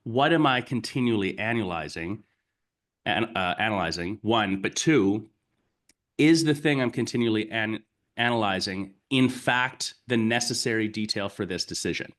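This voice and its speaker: A man's voice: lowish voice, moderate pace, fairly bright tone. Blunt, emphatic man coach. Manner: emphatic, blunt, swears, explains step by step. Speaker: business coach. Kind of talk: casual chat.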